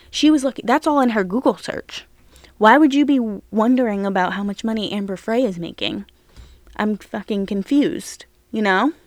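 A young woman hosting a casual true-crime podcast, chatty and animated, swearing often as she retells events. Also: medium pitch, no room sound. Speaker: podcast host.

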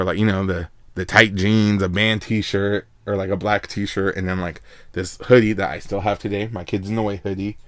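A man with a lowish voice tells a personal story in a loose, rambling way, leaning on filler words as he goes. The sound is dry and close, with no room echo. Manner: rambling, laid-back, heavy on filler words. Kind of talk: casual storytelling.

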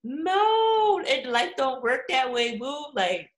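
Woman, high voice, animated casual chat, profane and quick to laugh. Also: a loud crowd.

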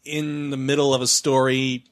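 A man's voice: medium pitch, level tone, moderate pace. Dry, sarcastic male podcast co-host. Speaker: podcast co-host, film critic. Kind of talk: casual chat.

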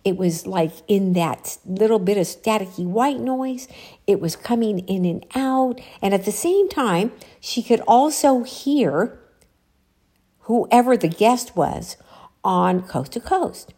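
A woman's voice: medium pitch, lively intonation, slow pace, warm tone, slightly rough. A woman vlogging outdoors on a walk, chatting casually as she retells a spooky story. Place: outdoors, walking.

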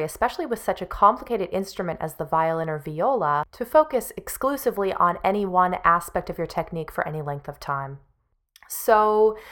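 A woman's voice: on the low side, fairly bright tone. A woman music teacher giving an earnest, encouraging practice lesson, with frequent fillers. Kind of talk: spoken practice lesson to camera.

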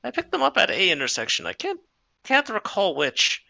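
A man's voice: high voice, huge pitch swings, gravelly, bright, forceful tone, no echo, pitched above the performer's own voice, full character voice. A man voicing a haughty, forgetful female talking horse who drawls and hums as she thinks. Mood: drawling. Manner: slow drawling with musing hums.

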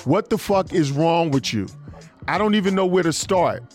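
Male internet radio host, higher voice, very lively delivery, slangy banter, light music bed. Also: moderate pace. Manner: animated, reads listener messages aloud with slang. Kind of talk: casual radio show banter.

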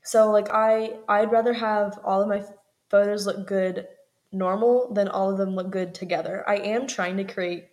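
A young woman co-hosting a podcast in relaxed, casual chat. She talks in loose run-on thoughts, leans on "like" constantly and breaks into laughter now and then. Her pitch sits right in the middle for a woman. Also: normal speed. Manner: chatty, frequent "like", laughs often. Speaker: podcast co-host.

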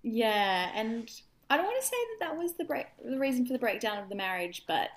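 An Australian woman in her thirties hosting a podcast, telling travel stories in casual chat with deadpan asides. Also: a little high, a little fast. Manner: chatty storyteller with deadpan asides. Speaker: podcast host.

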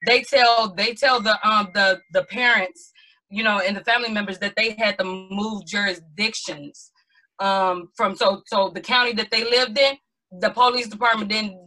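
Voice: mid-range voice, sharp tone, poor audio. A speaker in a casual group discussion, talking emphatically and bluntly and stressing points with a firm "period". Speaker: panel participant.

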